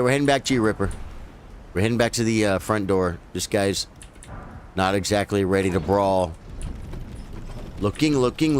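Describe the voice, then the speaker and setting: A man streaming live gameplay, chatting casually and breaking into loud, excited yelps during fights. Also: deep voice, a little hiss or hum. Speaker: game streamer.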